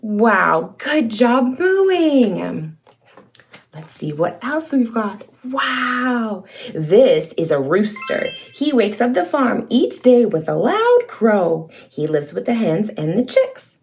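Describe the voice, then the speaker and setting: A woman's voice: fairly high pitch, big pitch swings, takes it slowly, a little hiss or hum. A woman hosting a toddler learning video, reading aloud in an exaggerated sing-song voice, with gasps, cheers and animal sounds. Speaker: children's educational show host.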